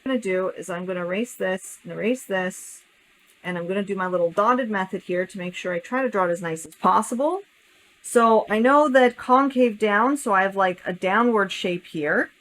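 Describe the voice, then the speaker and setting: This math teacher, a woman with a mid-range, slightly bright voice, goes through calculus step by step at a moderate pace. She thinks aloud as she draws a graph, correcting herself along the way, though the audio is poor.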